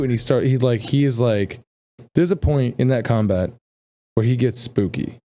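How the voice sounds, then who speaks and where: A man's voice: mid-range voice, normal speed, mellow, a little hiss or hum. Guy running a tabletop game, rambly and loose, swears a bit, cracks jokes at the players. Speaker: game master.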